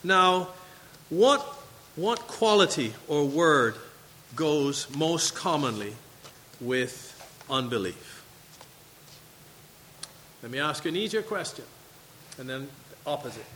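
Man preaching a sermon, high bright voice, long church reverb, faint hiss. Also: animated, slow pace, pauses often. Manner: expository preaching, quoting scripture, asking the congregation questions. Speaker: pastor. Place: church sanctuary.

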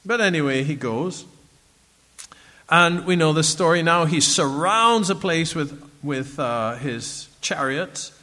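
A man preaching a sermon in an animated way, chuckling as he reads scripture aloud to his listeners. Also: fairly high pitch, takes it slowly, big-room sound.

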